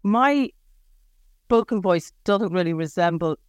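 A woman's voice: fairly low pitch, animated, unhurried, no echo. A middle-aged woman with an Irish accent, a writer talking frankly in an interview, self-deprecating and hesitant, with many restarts and fillers. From Northern Ireland. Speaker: writer guest. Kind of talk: casual interview talk.

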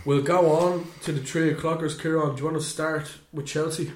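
Male co-host, lively football banter, mid-pitched, roomy echo. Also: brisk, few pauses, slight background noise. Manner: animated, mimics players with sudden high voices. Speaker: podcast co-host. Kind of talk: casual football chat. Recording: echoey room.

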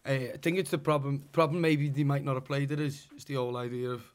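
A man's voice: mid-range voice, fairly even intonation, fast talker. A young man with a Scouse accent, a musician chatting casually and rambling, swearing a lot and saying "you know what I mean". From Liverpool, England. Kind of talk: casual podcast chat.

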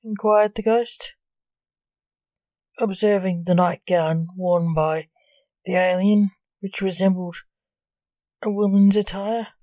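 A woman narrates a scripted gothic story, slow and measured. Her tone is soft and mellow. The recording is dry and close. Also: mid-range voice, fairly even intonation, dry recording. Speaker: podcast narrator.

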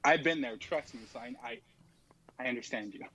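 A male caller on a phone line, his voice at an ordinary middle pitch. He talks casually and loosely, leaning on fillers as he goes. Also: a little fast, a loud crowd.

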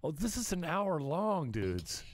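A man's voice: a little high, big pitch swings, unhurried, no echo. A man hosting a casual livestream where he reacts to clips. He is sarcastic and profane and laughs often. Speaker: livestream commentator.

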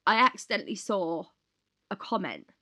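A woman in her thirties co-hosting a podcast, hoarse from the flu and talking candidly in casual chat. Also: medium pitch, normal speed. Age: 30s. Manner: candid, expressive, retells with acted quotes. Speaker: podcast co-host.

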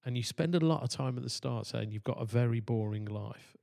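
A man interviewing a guest, asking earnest, measured questions. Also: mid-range voice, gravelly, mellow. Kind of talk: conversational interview.

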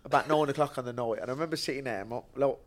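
A man's voice: medium pitch, very fast. Young brummie guy on a podcast, rambly storyteller, swears a lot, laughs at his own stuff. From Birmingham, England. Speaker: podcast guest, bare knuckle fighter. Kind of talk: casual chat.

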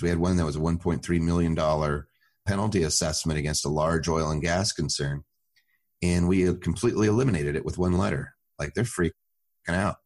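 Man, extremely deep voice, plainspoken, confident tax advisor, podcast guest. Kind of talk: podcast interview.

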